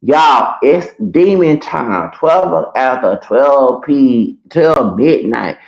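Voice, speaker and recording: A man's voice: mid-range voice, animated, takes it slowly, creaky, dull audio. A man telling a rambling, profane story on a casual livestream through a computer mic. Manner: rambling, profane, repeats himself.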